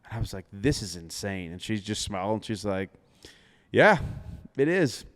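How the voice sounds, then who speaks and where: A young man, a DJ, telling a story in casual chat, animated, laughing often and filling with lots of "like". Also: fairly low pitch, moderate pace, big-room sound. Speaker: DJ and podcast guest.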